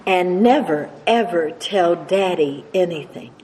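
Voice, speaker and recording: A woman's voice: on the low side, lively intonation, unhurried. Older woman telling a funny story in a hall. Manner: humorous storytelling with stutters and restarts. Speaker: recovery meeting speaker. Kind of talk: personal story told to a live audience. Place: meeting hall with an audience laughing. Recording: reverberant hall with faint noise.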